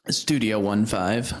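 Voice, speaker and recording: A man who is a guest musician in casual podcast chat, relaxed and halting. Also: lowish voice. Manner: relaxed and halting, with many fillers.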